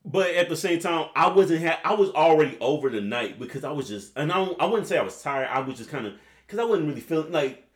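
A man in his twenties, a podcast host, telling a long story in a rambling, profane, animated way. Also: fairly high pitch, fast. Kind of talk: casual storytelling chat. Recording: roomy echo.

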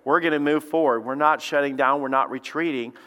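Preaching as lead pastor in a church sanctuary, a man speaks a little fast in a fairly high, steady voice that is sharp yet smooth. He stays conversational and acts out quotes. Long church-hall reverb fills the recording.

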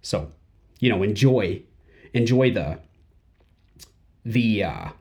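A man's voice: lowish voice, animated, slow, darkish tone. A man hosting a podcast in a casual monologue, rambling and full of fillers. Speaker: podcast host.

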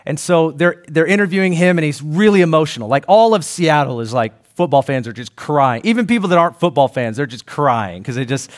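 A man with a fairly high voice preaching a sermon. He talks to his congregation in an animated, conversational way, breaking off into asides and restarting his sentences. His pitch rises and falls freely as he builds his points. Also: fairly quick, few pauses. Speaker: pastor.

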